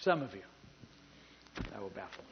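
A man's voice: on the low side, normal speed, highs cut off, slight background noise. A male pastor telling a story in a sermon, acting out the dialogue and joking with his congregation. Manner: animated, acts out dialogue, jokes with the congregation. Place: church service with live congregation.

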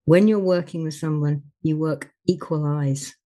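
A middle-aged woman from the West Midlands of England hosts a relaxed interview. Her voice sits a little low for a woman, and she talks in an animated way, laughing often and slipping into playful voices. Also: normal speed. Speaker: podcast host. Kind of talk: casual interview chat.

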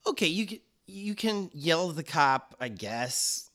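Skeptical male host with a lively pitch. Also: unhurried. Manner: probing, skeptical, self-deprecating. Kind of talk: interview questions.

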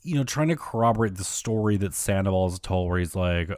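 Male podcast host, chatty and gossipy with a profane, filler-heavy flow. Fairly low voice, dead-dry studio sound. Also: animated, a little fast, a little mellow, dry recording. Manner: chatty, gossipy, profane, lots of "like", mimics people in quotes. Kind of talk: casual solo podcast recap.

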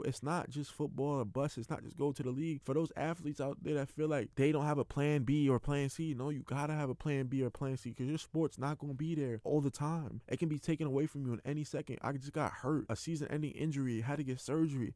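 Young man, rapid speech, earnest and heartfelt, dry close sound. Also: fairly high pitch, dark tone, no room sound. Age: young adult. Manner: earnest, heartfelt, rapid and loose with many fillers. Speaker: podcast host, college football player. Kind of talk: candid personal monologue.

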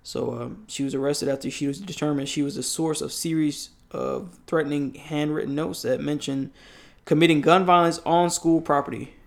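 A young man co-hosting a casual podcast, reading news articles aloud with halting fillers and restarts. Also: fairly high pitch, fairly even intonation, vocal fry. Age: young adult. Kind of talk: casual news-reaction chat.

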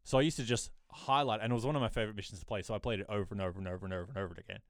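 Male co-host in his thirties, mid pitch, animated storyteller, dry close sound. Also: very fast, dry recording. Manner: animated storyteller, bursts into high-pitched quoted voices. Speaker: podcast co-host. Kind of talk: casual chat.

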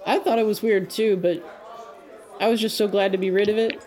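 A man's voice: high voice, fairly even intonation, darkish tone, pitched above the performer's own voice, close to an everyday voice. A man voicing a nervous young woman who stammers as she hands over a key. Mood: anxious. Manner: halting, stammering.

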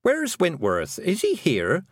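A man's voice: high-pitched, wildly swooping pitch, slow pace, dry recording, clean studio sound, pitched above the performer's own voice, full character voice. A man voicing a frantic farm mother, urgent and commanding. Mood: panicked. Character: panicked farm mother hunting her son.

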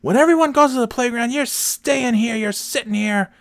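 A man voicing a stern older woman playground monitor who yells at a child in a shrill, very high voice. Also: normal speed, vocal fry, no echo, clean studio sound, full character voice. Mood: shrill, scolding. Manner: yelling, shrieking high.

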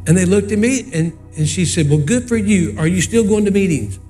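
Older male pastor, 60s, high-pitched and homespun, preaching over soft music. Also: animated, fairly quick. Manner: folksy, conversational storytelling. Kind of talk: sermon with storytelling and prayer.

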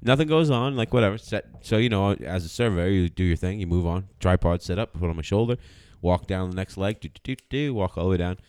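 A man's voice: deep voice, expressive, brisk, few pauses, darkish tone, clear, resonant tone. A man co-hosting a podcast, telling a rambling, profane story in casual chat and laughing along the way. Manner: profane, rambling, laughs through his stories. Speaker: podcast co-host.

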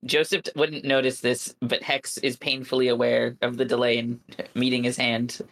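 A man's voice: mid-range voice, little pitch movement, normal speed, a bit bright, poor audio. A man playing a tabletop role-playing game, giggling as he describes his character's reactions. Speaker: player.

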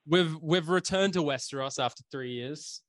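A man's voice: fairly high pitch, normal speed, dry recording. Rambling man telling stories, dry sound. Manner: rambling storyteller, lots of fillers. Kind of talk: casual chat.

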